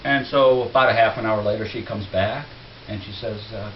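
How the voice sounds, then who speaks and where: A man's voice: fairly low pitch, moderate pace, distant mic. A male stand-up comedian on a comedy club stage, telling a story in a conversational way that builds to punchlines. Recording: dull roomy club recording with faint hiss.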